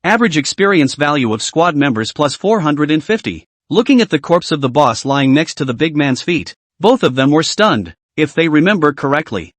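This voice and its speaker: Brief: male narrator, lively read-aloud story recap, fairly high voice. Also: moderate pace, no echo. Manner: steady read-aloud delivery.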